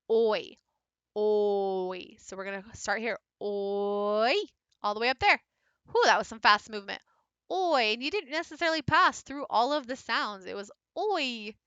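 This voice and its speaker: A woman's voice: medium pitch, pushed and bright, clear, resonant tone, no room sound. A woman leading a book study, teaching phonics and modelling vowel sounds aloud step by step. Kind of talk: phonics lesson.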